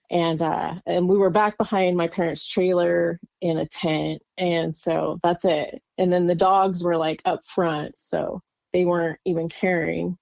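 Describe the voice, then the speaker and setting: A woman's voice: lowish voice, vocal fry, a little mellow, dry recording. A woman from Oregon, a guest on an interview podcast, recounting a personal encounter in a rambling way with lots of fillers and nervous laughs. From Oregon, USA. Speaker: guest witness.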